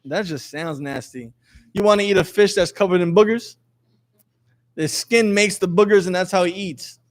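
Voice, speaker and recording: A man's voice: high voice, moderate pace. A man teaching a lesson to a class, quizzing his students in a jokey way and reading passages aloud. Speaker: religious teacher.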